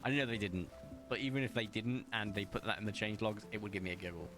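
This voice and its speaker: A young man streams a game from a room at home with the window open, chatting to his chat and making jokes at his own expense as he plays. His voice is lowish and quick, with music in the background.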